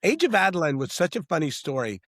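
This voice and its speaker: A middle-aged man, a screenwriter and director, talking in an interview in an animated, rambling way with many restarts. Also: on the high side, fast talker, dry recording, studio quality. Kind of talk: interview conversation.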